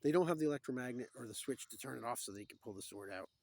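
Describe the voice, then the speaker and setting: Brief: middle-aged man, meandering storyteller, preachy, mid-pitched voice. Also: expressive, rapid-fire, vocal fry, dry recording. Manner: meandering, preachy, swinging loud to quiet. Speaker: speaker. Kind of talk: rambling storytelling monologue.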